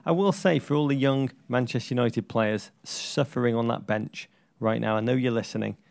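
A man's voice: medium pitch, moderate pace, creaky, a little mellow, dry recording. A man co-hosting a comic football podcast, speaking in florid, theatrical phrases. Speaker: podcast co-host.

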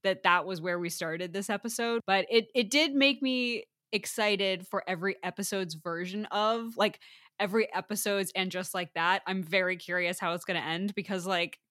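A woman's voice: medium pitch, a bit bright, no echo, clean studio sound. A woman co-hosting a podcast, chatting about a TV episode with eager agreement and easy laughter. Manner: enthusiastic, quick agreeing, laughs easily. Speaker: podcast co-host. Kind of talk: casual recap chat.

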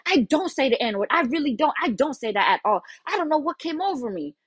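A flustered young woman with a squeaky, much higher voice, gushing apologies, put on by a woman telling a story. The voice jumps well above a normal speaking pitch. It sounds dry and close to the mic. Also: big pitch swings, a little fast, no echo. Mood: flustered apology.

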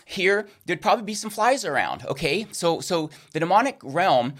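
A man's voice: high voice, big pitch swings, normal speed, fairly bright tone. A man teaching a recorded Christian course lesson, earnest and checking in with listeners with a frequent "okay?".

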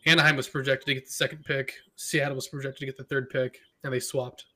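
A man's voice: medium pitch, little pitch movement, fast, crowd noise. A man co-hosting a sports podcast, explaining things in a laid-back casual chat with many fillers. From Spokane area, Washington. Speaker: podcast co-host.

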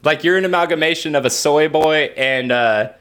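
A man co-hosting a casual comedy podcast, playful and quick to jump into bits, with some swearing. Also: fairly high pitch, a bit bright, clear, resonant tone. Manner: playful, jumps into bits with put-on voices, swears. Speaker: podcast co-host.

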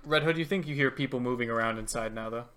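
Relaxed male game master narrating. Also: mid-range voice, fast, clear, resonant tone.

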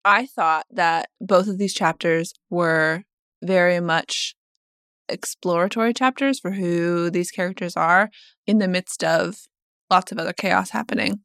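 A woman with a fairly low voice co-hosts a relaxed podcast about books. She is talkative and laughs easily. The sound is dry, with no room echo. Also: measured pace, clean tone. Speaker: podcast co-host. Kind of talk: casual book-discussion chat.

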